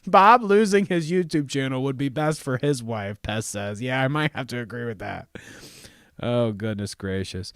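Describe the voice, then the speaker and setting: A young man from Ohio hosts a laid-back live chat show, answering his viewers with dry sarcasm and laughter. His voice sits in an ordinary middle pitch. The sound is close and dry, with no room echo. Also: normal speed, fairly bright tone, clean tone. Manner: sarcastic and joking, laughs often, reads out viewer comments. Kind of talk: casual livestream chat.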